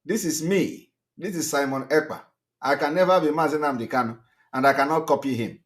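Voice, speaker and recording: A man's voice: on the high side, fairly quick. A man hosting a live call-in show, laughing often and talking with many fillers. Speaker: host.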